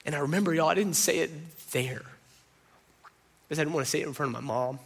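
A man's voice: fairly high pitch, fast, creaky, slightly rough. A man preaching a conversational sermon, speaking casually and directly to the congregation. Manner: casual and direct, addresses listeners as "y'all", uses filler "like". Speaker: pastor.

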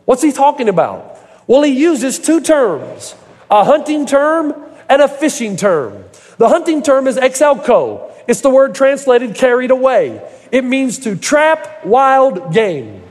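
A man's voice: extremely high pitch, sing-song, measured pace, darkish tone. A middle-aged male pastor preaching a sermon, telling folksy stories with humor and building to emphatic points. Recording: echoey hall reverb.

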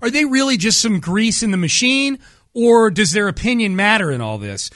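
A man's voice: high-pitched, sing-song, normal speed, fairly bright tone, no room sound, clean studio sound. A man co-hosting a sports talk show, chatty and joking. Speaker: sports radio co-host.

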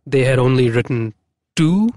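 A man's voice: medium pitch, lively intonation, normal speed, a little mellow, no room sound. Rambling, upbeat man in a dry recording. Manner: rambling, upbeat, full of fillers. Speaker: podcast co-host. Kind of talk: casual chat.

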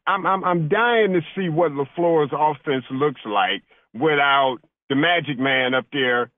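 A man's voice: on the high side, dry recording. A man calling in to a sports radio show, fired up and rambling, peppering his talk with "man". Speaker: caller. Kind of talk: call-in radio chat. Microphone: phone. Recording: tinny phone line.

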